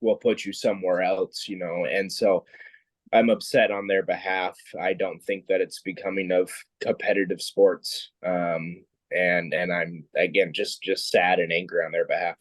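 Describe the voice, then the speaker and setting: A man's voice: flat delivery, unhurried, no room sound, rough recording. Earnest man in dry sports chat. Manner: earnest, rising pitch when emphatic. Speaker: podcast co-host. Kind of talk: casual sports discussion.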